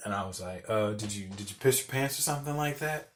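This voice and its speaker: A man's voice: fairly low pitch, animated, quick pace, a little hiss or hum. A young man, a podcast host, telling a loose, profane story in casual chat and laughing as he goes. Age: young adult.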